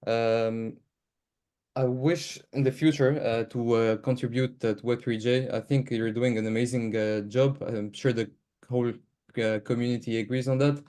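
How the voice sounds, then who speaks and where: A man gives a short self-introduction on a video call. He halts often and fills the gaps with "uh" before nearly every phrase. His pitch is plain and mid-range. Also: steady tone, dark tone. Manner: halting, full of "uh" fillers. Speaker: research developer.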